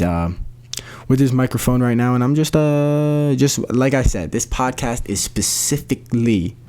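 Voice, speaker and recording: Young male podcast host, lower-pitched, casual and slangy, talks loosely with restarts. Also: a little mellow. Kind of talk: solo podcast update.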